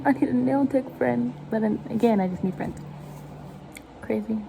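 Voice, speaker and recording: A woman's voice: medium pitch, a little fast, gravelly, mellow, slight background noise. A young woman vlogging at home in her kitchen, rambling in a casual, jokey chat and poking fun at herself as she cooks. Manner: rambling, jokey, self-mocking. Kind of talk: casual chat while cooking.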